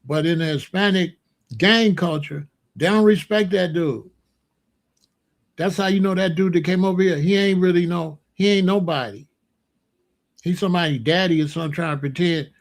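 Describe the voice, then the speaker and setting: A man's voice: high-pitched, moderate pace. A man delivering heated, confrontational stream commentary in blunt street slang.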